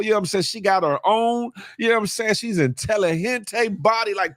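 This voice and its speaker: A man from Washington, D.C. hosting a casual morning livestream, animated and chuckling as he greets viewers by name. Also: high voice, moderate pace, few pauses, no room sound. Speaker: host of a morning live show.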